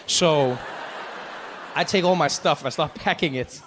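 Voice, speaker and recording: Man, stand-up comedian, animated storyteller, high voice. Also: measured pace, in a large hall, background noise.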